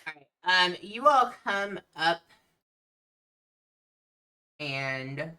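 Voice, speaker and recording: A woman's voice: fairly low pitch, expressive, drawn-out words, sharp tone. A woman running a tabletop game as game master, narrating with many hesitant ums.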